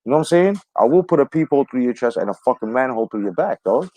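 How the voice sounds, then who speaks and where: A man's voice: medium pitch, animated, racing, darkish tone. A man hosting a live stream from the United States, ranting with heavy profanity and greeting viewers in the chat. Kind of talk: heated live stream commentary.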